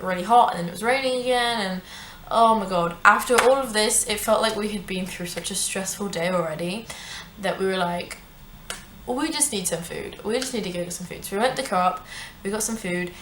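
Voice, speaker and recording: A young woman telling a storytime vlog, animated and sweary, with many "like" fillers. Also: mid-range voice, background noise. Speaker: vlogger. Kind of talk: casual storytime narration. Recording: echoey room.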